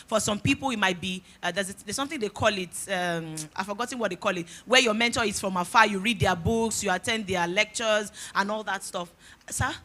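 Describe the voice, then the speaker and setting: A woman's voice: medium pitch, a little fast, bright, forceful tone, soft background music. A woman, a guest speaker giving earnest, direct career advice at a conference. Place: conference stage before an audience.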